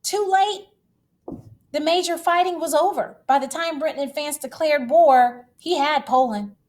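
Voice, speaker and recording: A woman teacher giving a recorded history lecture, lively and dramatic, speaking straight to her students. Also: sits high, moderate pace.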